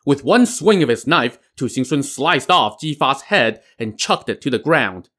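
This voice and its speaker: A man's voice: medium pitch, lively intonation, unhurried, a bit bright. Wry conversational male storyteller. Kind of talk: storytelling narration.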